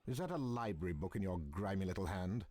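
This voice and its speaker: A man's voice: low voice, expressive, fast talker, darkish tone. An actor playing a cold, sneering male professor in a video game, speaking with clipped disdain. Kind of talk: video game character dialogue.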